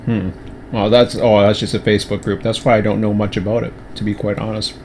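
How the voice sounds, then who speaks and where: A man's voice: lowish voice, flat delivery, fairly quick, a little mellow, a little hiss or hum. A man chatting casually on a livestream, rambling with many restarts and fillers, at times with his mouth full. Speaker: streamer.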